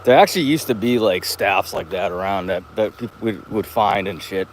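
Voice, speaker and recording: A man's voice: lowish voice, normal speed, slight background noise. Rambling, cursing man vlogging outdoors. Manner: profane, chatty storytelling. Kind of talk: casual rambling walk-and-talk. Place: outdoors, walking around an open lot.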